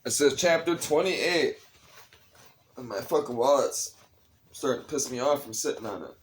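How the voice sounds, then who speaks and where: A man's voice: medium pitch, animated, normal speed, a little hiss or hum. A man casually reading scripture aloud, breaking off with blunt, profane asides and restarting his phrases. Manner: restless, interrupts himself and restarts phrases. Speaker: Bible reader.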